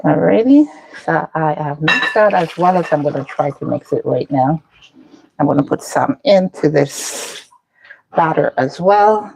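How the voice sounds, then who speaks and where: A woman hosting a casual home cooking vlog, explaining each step in an unhurried way as she cooks in her kitchen. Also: low-pitched, animated, vocal fry, darkish tone, breathy edge, rough recording. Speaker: cooking channel host.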